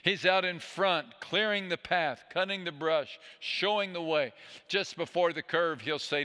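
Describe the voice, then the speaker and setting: A man preaching slowly and deliberately, giving each phrase room to settle. His voice has a bright, forward tone that carries clearly. He speaks gently and soothingly, often dropping low and soft, and a long hall reverb trails after his words. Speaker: pastor. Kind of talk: sermon.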